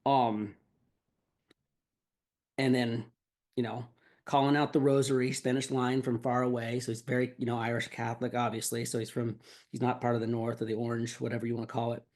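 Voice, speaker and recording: A man's voice: medium pitch, little pitch movement, fairly quick, a little mellow. Rambling casual male podcaster. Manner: rambling, heavy filler words and swearing. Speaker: podcast host. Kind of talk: casual song breakdown.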